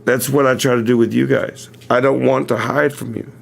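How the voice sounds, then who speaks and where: Recorded on a camera mic, this livestream host speaks in a mid-range, creaky voice with a breathy edge, delivering things flatly and fairly quickly. He rambles through a story, correcting himself and chuckling often, before speaking earnestly and straight to his audience.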